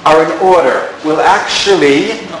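A man with a fairly high voice teaches a Bible class, laying out his reasoning step by step and turning to his students with questions. He sounds like he's in an echoey classroom, with a little noise in the background. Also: unhurried, fairly bright tone. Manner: explanatory, asks the class questions.

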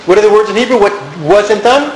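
A man with a fairly high voice teaches a Bible class, laying out his reasoning step by step and turning to his students with questions. He sounds like he's in an echoey classroom, with a little noise in the background. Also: fast talker. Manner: explanatory, asks the class questions.

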